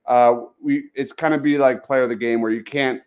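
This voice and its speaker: A man's voice: mid-range voice, fairly even intonation, moderate pace, a little mellow, clean tone. A man hosting a casual sports talk show, reading out viewer comments and laughing easily. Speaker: podcast host.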